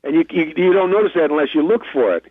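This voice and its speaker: A man's voice: a little high, expressive, fast, breathy edge, no echo. Man telling stories over a tinny phone line. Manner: rambling, self-deprecating storyteller. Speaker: actor guest. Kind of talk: casual anecdotal interview. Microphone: telephone.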